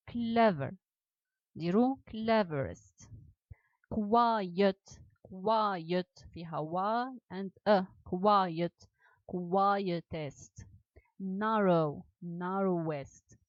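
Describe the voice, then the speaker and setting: A woman teaching English grammar, repeating each example slowly and explaining it again in Arabic. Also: a little high, no room sound. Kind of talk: classroom grammar lesson. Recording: dull lo-fi sound.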